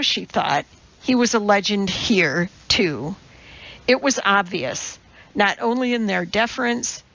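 Slow gravelly woman narrating a novel. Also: medium pitch, a bit bright, lo-fi sound. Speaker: audiobook narrator. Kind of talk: scripted audiobook narration.

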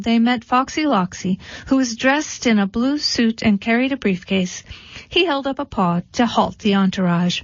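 A woman narrating a satirical storybook in a wry, deadpan manner. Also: a little high, normal speed, no echo. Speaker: reader. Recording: dull dry lo-fi recording.

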